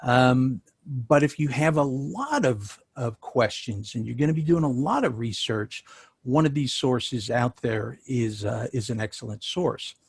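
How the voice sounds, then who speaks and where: A man with a New York accent talks through his answers in a relaxed, conversational way, full of fillers and restarts. His mid-pitched voice has a slightly husky edge. The sound is dry and close, with no room around it. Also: unhurried, no echo. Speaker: sales tax consultant. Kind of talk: interview answers.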